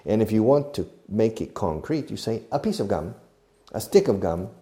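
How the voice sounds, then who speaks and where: A man teaching English to beginners, explaining slowly and repeating key words with short asides. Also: fairly low pitch, expressive, mellow. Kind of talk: slow classroom explanation to learners.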